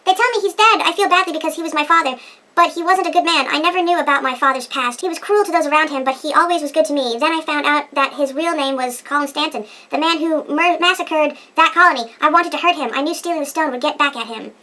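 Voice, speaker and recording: A woman voicing a young runaway heiress, reading the game dialogue quickly. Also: high-pitched, bright, forceful tone, voice pushed up. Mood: bitter.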